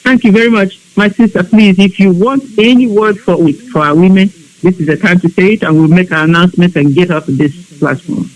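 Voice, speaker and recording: A woman with a fairly low voice speaks rather quickly to an online audience, urging her women's group with passion on a live broadcast. She's from Nigeria's Biafra region, alternates between pleading and scolding, and the audio is poor.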